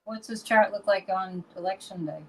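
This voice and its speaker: A woman's voice: mid-range voice, normal speed, low-quality recording. A woman co-hosting a podcast, chatty and emphatic, laughing easily as she talks. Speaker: podcast co-host. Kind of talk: casual podcast chat.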